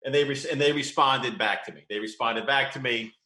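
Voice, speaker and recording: A man hosting a podcast in casual chat, reading a prank letter aloud with animated, mock-pompous delivery. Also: mid-range voice, fairly quick, roomy sound, low-quality recording. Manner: animated, playing up a pompous exec voice when reading. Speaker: podcast host.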